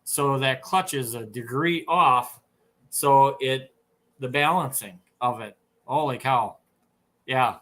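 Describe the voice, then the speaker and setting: A man's voice: mid-range voice, slow pace, fairly bright tone. A man with an Upper Midwest American accent, a snowmobile tuner telling long, rambling stories as a podcast guest, full of fillers and restarts. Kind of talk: casual storytelling interview.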